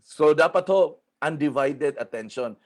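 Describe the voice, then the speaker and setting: A man's voice: a little high, measured pace, a little mellow. A man with a Filipino accent, a pastor guiding an online session, switching between English and Tagalog in a friendly coaxing way. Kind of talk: casual instruction to an online audience.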